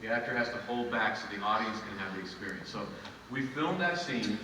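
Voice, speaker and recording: A man telling stories at a fan convention panel, lively and laughing, acting out quotes. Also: fairly low pitch, a little fast. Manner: animated, laughing, acts out quotes. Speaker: convention panel guest actor. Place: large convention hall. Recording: echoey hall from far off, noisy.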